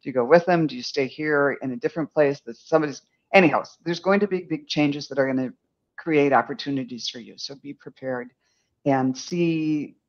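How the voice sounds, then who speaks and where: An older man delivers a live psychic reading in a soft, rambling way, his voice pitched a touch high. The sound is dull and lo-fi, like a low-quality stream feed. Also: a little fast. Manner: rambling, gentle, giggly. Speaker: psychic medium.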